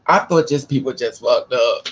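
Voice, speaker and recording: A man's voice: mid-range voice, normal speed, husky. A man vlogging, telling a personal story casually, rambling with restarts and swearing.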